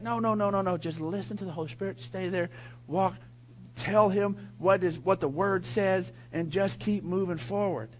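A middle-aged male pastor with a high voice delivers a sermon. He tells a story in a lively way and then presses his points with emphasis. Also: normal speed, slight background noise, low-quality recording. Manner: animated storyteller, builds to emphatic preaching.

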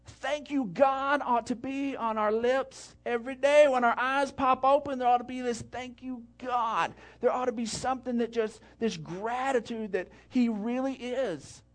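High-voiced man preaching a folksy sermon. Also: steady tone. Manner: folksy storytelling with quick asides. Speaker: pastor.

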